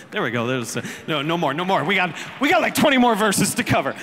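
A man preaching a sermon as pastor, telling the story with jokes, quick asides and sudden shouts. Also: sits high, lively intonation, long reverb tail, a little hiss or hum. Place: church sanctuary.

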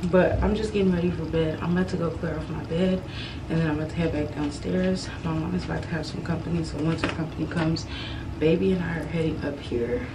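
A woman's voice: low voice, fairly even intonation, quick pace. A young woman chatting casually to camera in a loose, informal way, giving viewers updates on her day. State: out of breath after climbing stairs. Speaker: vlogger. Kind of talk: casual vlog chat. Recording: distant camera mic with background noise.

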